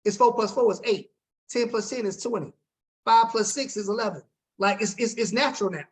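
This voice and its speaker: A man's voice: high-pitched, brisk. A man coaching his team on a group video call, upbeat and slangy, talking straight to the group and checking in with them often.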